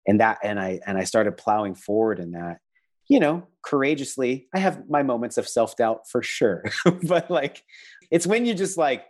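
A man's voice: medium pitch, expressive, moderate pace. A man, a visual artist being interviewed, talking about his work and faith in an earnest, reflective way, with many fillers and restarts. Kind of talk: conversational interview answers.

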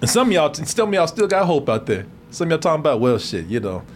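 A man hosts a comedic movie review with animated, profane energy. His voice runs high and swings widely, and a faint hiss sits under it. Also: quick pace. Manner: animated, profane, laughing often. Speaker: podcast host reviewing a film. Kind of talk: comedic film-review banter.

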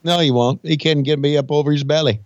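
A man's voice: fairly high pitch, steady tone, quick pace, no room sound, dull audio. A man in his sixties co-hosting a podcast, talking bluntly and profanely with dry jokes. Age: 60s. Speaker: podcast co-host, former wrestling figure. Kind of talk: casual podcast banter.

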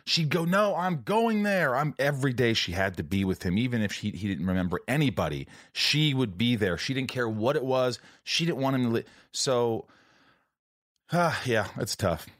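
A man's voice: medium pitch, lively intonation, moderate pace, no echo, studio quality. A man hosting an interview, talking candidly and emotionally with casual swearing. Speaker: podcast host.

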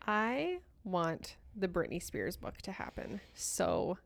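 A woman's voice: fairly low pitch, wildly swooping pitch, slow pace, gravelly, no echo. A woman co-hosting a podcast, chatting enthusiastically with lots of fillers. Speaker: podcast co-host. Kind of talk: casual chat.

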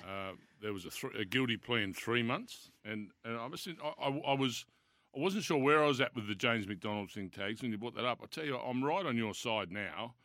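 A man's voice: mid-range voice, expressive, fairly quick, sharp tone, no echo. An Australian man hosting a racing radio show, chatty and telling stories. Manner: storytelling, chatty. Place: radio studio.

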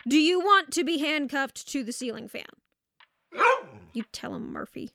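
A woman's voice: high-pitched, animated, normal speed, creaky, sharp tone, no room sound, clean studio sound, full character voice. A woman in an audio drama, playing a blunt, commanding woman who sets the rules. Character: bossy woman who can't do accents.

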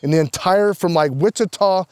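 A man, a professional golfer, guesting on a casual podcast, telling animated, profanity-laced stories. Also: high voice, normal speed, smooth, no echo.

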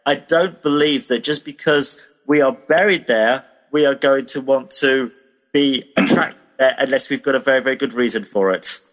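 A British man, a medium, giving measured, hedging explanations in a casual radio interview. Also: medium pitch, fairly bright tone, in a large hall. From Britain.

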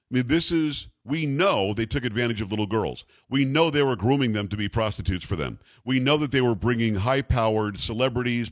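A man's voice: mid-range voice, no room sound, studio quality. A man hosting a talk radio show, ranting indignantly and repeating the call-in number.

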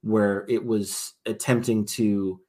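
A man's voice: lowish voice, flat delivery, slow pace, mellow. Man talking in rambling restarts. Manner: rambling, frequent restarts, emphatic swings. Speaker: military veteran guest. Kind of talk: casual podcast discussion.

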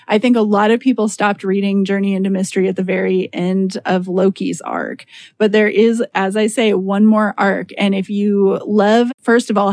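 A young woman chatting casually on a podcast, enthusiastic and full of filler words as she recommends things. Her voice is recorded dry and close, with no room sound. Her pitch sits in the middle of the range. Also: a little mellow, dry recording. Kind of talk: casual chat.

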